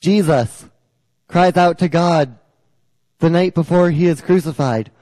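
A young man delivers a sermon, first reading scripture and then retelling it in plain, casual storytelling. His voice sits a little high but sounds warm and soft. The sound is close and dry, with no room around it. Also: unhurried, pauses often, no room sound, long reverb tail, poor audio. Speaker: preacher.

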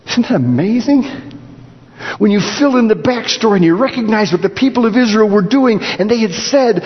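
A man delivers a sermon with a lively, rising and falling voice, sinking low and slow whenever he quotes scripture. The sound is a little dull and carries a long hall reverb. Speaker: preacher.

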